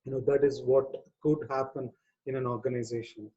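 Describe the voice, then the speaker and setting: A man's voice: mid-range voice, level tone, a little fast, mellow, lo-fi sound. A man speaking as a webinar presenter on people management, conversational, with many "you know" fillers. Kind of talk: webinar talk.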